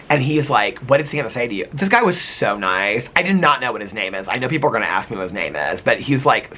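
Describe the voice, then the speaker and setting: A man's voice: fairly low pitch, bright, forceful tone, breathy edge. A man vlogging casually to camera, telling a chatty, gossipy story full of "like" and quoted dialogue.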